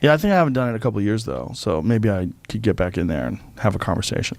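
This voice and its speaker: Profane, animated podcast host. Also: male voice, fairly low pitch, racing, gravelly, dry recording. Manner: profane, animated, acts out voices in stories. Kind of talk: casual chat. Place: podcast studio.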